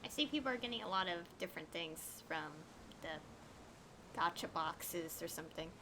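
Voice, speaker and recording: A woman's voice: fairly low pitch, lively intonation, normal speed, noisy background. A woman streaming a game, reading its dialogue aloud with chatty, giggly asides. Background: game music.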